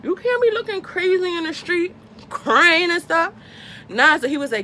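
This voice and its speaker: A young woman in her twenties telling a casual storytime vlog, animated and acting out what people said with big swings in her voice. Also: moderate pace, slight background noise. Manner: animated, acts out quotes with big pitch jumps. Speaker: vlogger.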